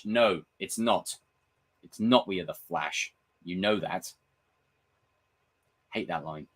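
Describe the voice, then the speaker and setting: A young man chatting casually on his live stream, reading viewer comments, swearing freely and acting out film scenes with loud impressions. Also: sits low, takes it slowly, long pauses. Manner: animated, swearing, reads and answers chat comments. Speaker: livestream host.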